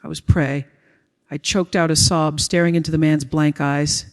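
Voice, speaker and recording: A man reading a first-person dramatic story as a storyteller, in a steady, even way. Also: on the high side, normal speed. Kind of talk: scripted first-person narration.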